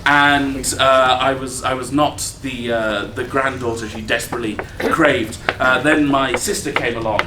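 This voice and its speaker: A man's voice: mid-range voice, fairly even intonation, moderate pace, hardly any pauses. A man on a live comedy stage, rambling through a self-deprecating story with many ums. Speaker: improv comedy performer. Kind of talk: comic storytelling monologue. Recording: echoey room with background noise.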